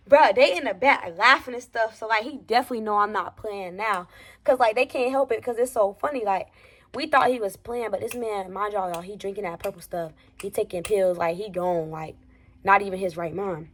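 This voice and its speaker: Young woman vlogger, casual slangy storytime, animated, loud-then-hushed delivery. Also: medium pitch, normal speed. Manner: animated, slangy, swinging between loud exclamations and hushed asides. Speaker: vlogger telling a personal story. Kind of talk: storytime vlog.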